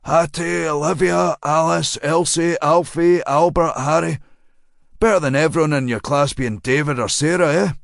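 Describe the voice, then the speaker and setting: A man's voice: fairly high pitch, fairly even intonation, normal speed, gravelly, no echo, studio quality, voice pushed up. A man voicing a chatty, pushy middle-aged male driver.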